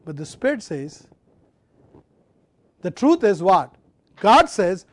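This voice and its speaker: Impassioned high-voiced male preacher. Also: very animated, no echo. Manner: impassioned, swinging from loud emphatic to quiet low; repeats phrases, draws out key words slowly. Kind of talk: sermon.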